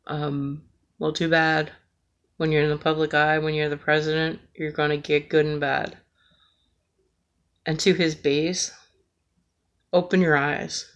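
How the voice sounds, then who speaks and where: An American woman rants earnestly in a slow, unhurried delivery, her pitch staying flat and even. She sounds emotional, close to tears, and stumbles through fillers and restarts. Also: dull audio. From United States. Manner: earnest, impassioned, with hesitant fillers. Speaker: vlogger. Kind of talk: emotional political rant.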